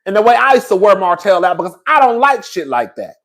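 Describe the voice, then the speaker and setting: A man's voice: sits high, big pitch swings, quick pace, fairly bright tone. A man hosting a livestream of gossip commentary, talking in sassy, profane, hollering rants straight to his viewers. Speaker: YouTube commentator.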